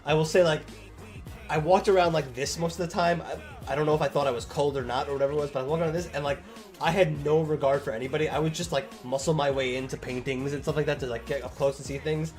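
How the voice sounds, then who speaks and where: A man's voice: fairly high pitch, fairly even intonation, fast, darkish tone, faint music behind. A young man casually telling a long story on stream, rambling and swearing a lot, acting out the lines of the people in it.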